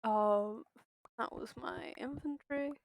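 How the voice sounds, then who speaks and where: A woman's voice: a little high, slow, gravelly, dry recording. A woman streaming a game, chatting casually with her viewers and swearing freely. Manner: chatty, swears freely, talks to chat while playing.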